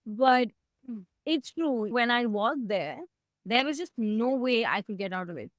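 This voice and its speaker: A woman's voice: fairly high pitch, animated, measured pace, dry recording. A woman guest talking candidly and emotionally about her past in a personal conversation, close to tears at times. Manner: heartfelt, emotional, reflective. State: tearing up.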